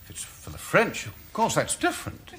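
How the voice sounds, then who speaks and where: A bumbling prime minister who dithers and backtracks. His voice sits a little high and jumps around a great deal. Loud hiss from the old TV recording runs underneath. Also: huge pitch swings, normal speed. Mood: flustered. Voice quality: flustered and hesitant. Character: bumbling, indecisive middle-aged male prime minister. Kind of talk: 1980s British TV sitcom acting. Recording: old TV audio with loud background noise.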